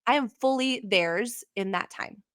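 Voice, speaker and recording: A woman's voice: a little high, a little slow, fairly bright tone, clear, resonant tone, no room sound, studio quality. A woman in her forties hosting a podcast, chatty and affirming, often trailing off and restarting her thoughts. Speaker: podcast host. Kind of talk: casual interview chat.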